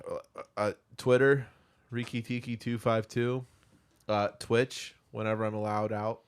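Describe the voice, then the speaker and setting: A man's voice: lowish voice, flat delivery, measured pace, clean tone. A man co-hosting a pop culture podcast, rambling and self-mocking as he laughs through his talk. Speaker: podcast co-host. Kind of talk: casual podcast banter.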